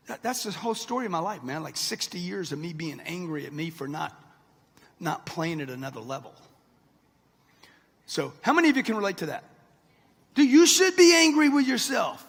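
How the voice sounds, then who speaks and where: Husky, high-pitched man in his sixties, brash motivational speaker working a live crowd, long reverb of a big hall. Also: expressive, normal speed, fairly bright tone. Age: 60s. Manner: brash, punchy, talks straight to the crowd. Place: large hall with live audience.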